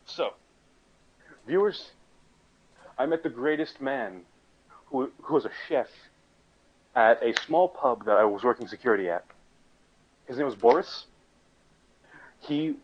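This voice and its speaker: A man's voice: mid-range voice, animated, unhurried, long pauses, slightly rough, muffled recording. A young man on a casual podcast chat, telling a story in a joking, rambling way and restarting his sentences. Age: young adult.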